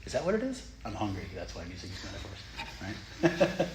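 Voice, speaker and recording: A man's voice: on the high side, huge pitch swings, moderate pace, slight background noise. A man, a Zen teacher, gives a playful, self-mocking dharma talk in the meditation hall of a Zen center. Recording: echoey hall, faint ambience.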